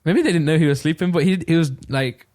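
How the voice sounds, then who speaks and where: A man's voice: on the high side, fast talker, a little mellow. A young man co-hosting a podcast, rambling in casual chat with lots of fillers and laughs. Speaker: podcast co-host.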